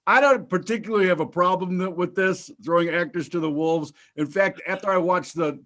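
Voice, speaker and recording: A man's voice: high-pitched, fairly quick, a bit bright. A man hosting a casual talk show, joking loosely and wandering through topics with fillers and restarts. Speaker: podcast host.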